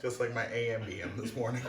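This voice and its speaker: A man hosting a casual cooking show at home, cracking jokes and laughing often as he works. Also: mid-range voice. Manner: jokey, laughs often, self-mocking asides. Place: home kitchen. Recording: roomy kitchen echo, mic far off.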